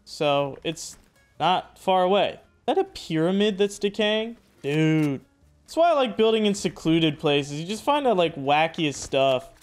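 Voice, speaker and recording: A young man giving casual, excitable commentary over his own survival game playthrough, loose and slangy. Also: on the high side, clear, resonant tone. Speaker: gaming YouTuber. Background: background music.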